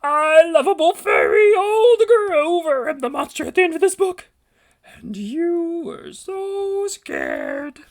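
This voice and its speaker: A man's voice: very high-pitched, wildly swooping pitch, slow pace, voice pushed up, heavily acted. A man voicing a lovable, anxious old male furry monster in a children's storybook read-aloud, pleading frantically in formal speech without contractions. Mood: sheepish.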